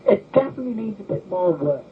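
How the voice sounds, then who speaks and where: A man's voice: high voice, big pitch swings, fast talker, a little hiss or hum. A man from the United Kingdom with a British accent, a podcast guest with a dry, understated delivery. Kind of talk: casual chat. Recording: tinny phone-like call audio.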